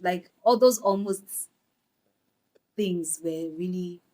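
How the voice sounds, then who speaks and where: A young Nigerian woman with a Nigerian accent, a guest on a podcast, telling her story in a lively way, slipping into Pidgin phrases and laughing. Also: on the low side, slow. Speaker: guest actress. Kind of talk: podcast interview.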